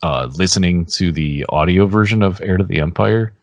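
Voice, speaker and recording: A man with a strikingly deep, low voice talks casually as a podcast co-host. He rambles in a relaxed way, laughing easily, and the sound is dry and close to the mic. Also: normal speed, dry recording, lo-fi sound. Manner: relaxed, laughs often, trails off. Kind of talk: casual chat.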